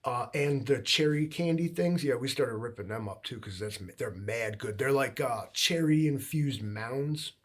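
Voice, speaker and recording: A man's voice: medium pitch, a little slow, hardly any pauses. A young man co-hosting a livestream who rambles in a loose, laid-back way, full of likes and ums. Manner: laid-back, meandering, with a lot of filler. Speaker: livestream co-host. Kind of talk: rambling casual chat.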